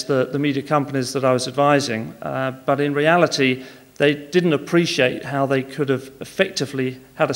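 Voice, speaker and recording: Guy giving a conference talk, frank and wry, mid-pitched voice, long hall reverb. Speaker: conference speaker. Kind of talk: business talk with anecdotes.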